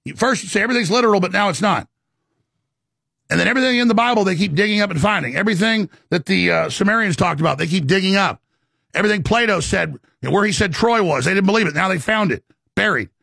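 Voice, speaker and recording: A man's voice: sits high, animated, creaky, pushed and bright, husky, no echo, studio quality. A man delivering an impassioned, ranting monologue, repeating words as he pushes his points. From Texas. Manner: ranting, rapid and repetitive.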